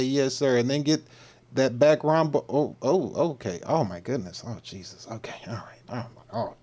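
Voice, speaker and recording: A man hosts a fitness livestream, joking his way through the topic. His voice sits at an average, mid-range pitch. He talks in a loose, laid-back way and keeps circling back to the same casual phrases. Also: darkish tone. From Texas. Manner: playful, repetitive, laid-back slang. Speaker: fitness coach, livestream host.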